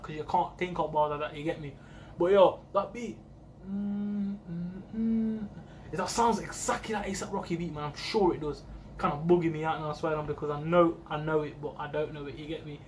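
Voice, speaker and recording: A man's voice: a little high, fairly quick, slight background noise. A young British man reacting to an album in casual, slang-heavy, swear-filled commentary. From United Kingdom. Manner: slangy, swears often, excitable. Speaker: music reaction video host.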